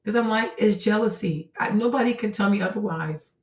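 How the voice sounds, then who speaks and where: Woman host, opinionated commentary, punchy and repetitive, mid-pitched, mic set back in an echoey room. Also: fairly quick. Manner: emphatic, rhetorical, repeats phrases for effect. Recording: roomy and distant from the mic.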